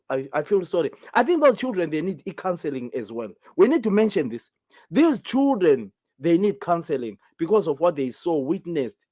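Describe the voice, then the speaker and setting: A man's voice: fairly high pitch, darkish tone. A Zimbabwean man, a native Ndebele speaker, hosting a call-in talk show alone, emphatic and firing off rhetorical questions. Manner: emphatic, many rhetorical questions, repeats himself. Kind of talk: solo call-in show commentary.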